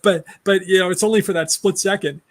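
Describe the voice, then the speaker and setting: A man's voice: high-pitched, fairly even intonation, fairly quick, dry recording. A man co-hosting a casual movie podcast, blunt and opinionated and laughing often. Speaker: podcast co-host.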